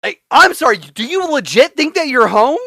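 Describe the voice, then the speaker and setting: Animated ranting, swearing podcast co-host man. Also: very high voice, normal speed, creaky, dry recording. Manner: ranting, heavily profane, laughing often. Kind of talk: casual podcast chat.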